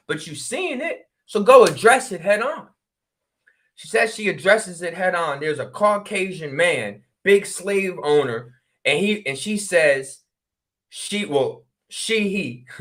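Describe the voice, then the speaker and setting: Man from connecticut, high bright voice, animated storytelling, acts out both sides of a conversation. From New Haven, Connecticut. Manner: animated, acts out dialogue with quick exclamations. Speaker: spiritual regression practitioner. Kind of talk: storytelling in casual talk.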